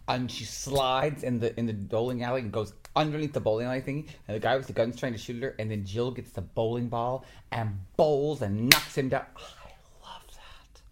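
A man chats as co-host. He tells stories with animated energy and slips into high voices to mimic people. His talk is loose and casual. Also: fairly quick, few pauses, slight background noise. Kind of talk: casual chat.

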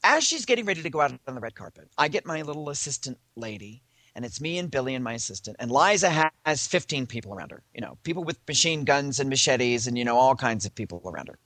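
A man's voice: mid-range voice, sing-song, quick pace, sharp tone, no room sound. A man co-hosting a talk show, telling an anecdote in a casual, theatrical way and mimicking other people's voices. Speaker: podcast co-host. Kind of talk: casual storytelling chat.

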